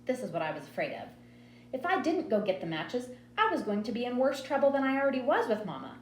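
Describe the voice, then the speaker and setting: Woman narrator, lively pitch, expressive storytelling read; roomy recording with a faint hum. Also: fast talker. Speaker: audiobook reader. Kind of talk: first-person novel narration.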